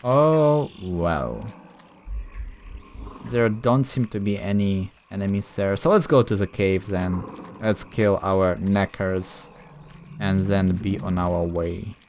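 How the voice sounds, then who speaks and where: A man's voice: low voice, fairly even intonation, unhurried, a little mellow, a little hiss or hum. A man casually commenting while playing a video game, rambling and thinking aloud with lots of fillers. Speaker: gameplay commentator. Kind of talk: casual let's-play commentary.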